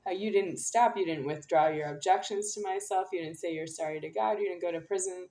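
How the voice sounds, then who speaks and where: A woman's voice: lowish voice, fairly quick, mellow. A woman in an unscripted monologue to camera, talking intensely and repetitively as she addresses an unseen listener directly.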